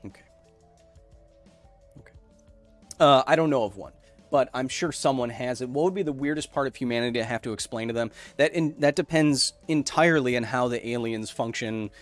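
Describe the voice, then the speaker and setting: Young male streamer, casual and self-interrupting, mid-pitched, soft music bed. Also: a little fast. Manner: rambling, self-interrupting, loose explanations. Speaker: livestream science host. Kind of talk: casual live chat, reading viewer messages.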